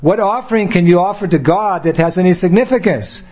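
Older American man, husky voice, devotional talk with playful acted-out asides. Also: sits high, expressive, a little fast, a little mellow. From United States. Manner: playful, acts out little scenes and quotes, laughing along. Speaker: spiritual teacher.

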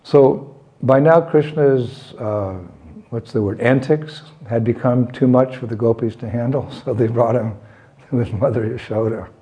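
A man's voice: mid-range voice, unhurried. Chuckling man telling a devotional story. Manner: chuckles often, gentle hesitant fillers. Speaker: lecturer on scripture. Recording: dull lo-fi recording.

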